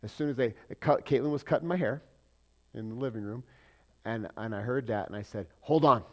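A man preaching a sermon, asking his congregation questions and swinging between loud emphasis and soft asides. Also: medium pitch, fairly quick. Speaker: pastor.

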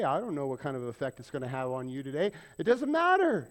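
A man's voice: mid-range voice, wildly swooping pitch, quick pace. A man preaching a sermon, acting out people's prayers and joking with the congregation. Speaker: pastor.

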